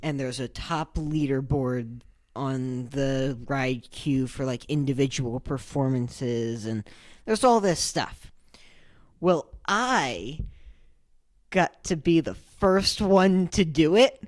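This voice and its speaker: A young woman co-hosting a podcast, telling stories in a relaxed casual way, her phrases often trailing off quietly. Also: a bass voice, slow pace, dry recording. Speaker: podcast co-host. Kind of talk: casual chat.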